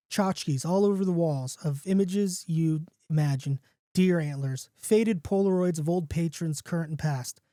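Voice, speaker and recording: A man reading his own spooky story aloud in a casual, animated way, lifting his pitch for excited characters. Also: no echo, clean studio sound.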